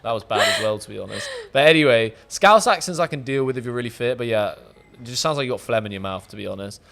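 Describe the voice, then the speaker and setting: A man's voice: medium pitch, lively intonation, quick pace, creaky, fairly bright tone. A man hosting a casual sit-down chat, frank and jokey, swearing freely. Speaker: podcast host.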